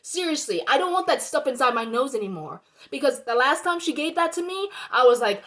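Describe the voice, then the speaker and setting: A woman ranting to camera in a heated, rambling way, dropping quiet and then growing loud and worked up. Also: high voice, sing-song, a little fast, hardly any pauses. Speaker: vlogger. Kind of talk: heated personal rant to camera.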